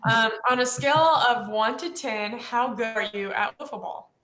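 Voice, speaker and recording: A woman co-hosting a webinar over a video call, asking quick playful questions and teasing her guests. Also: on the high side, pushed and bright, echoey room, poor audio. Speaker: webinar co-host asking lightning round questions. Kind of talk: casual video-call chat.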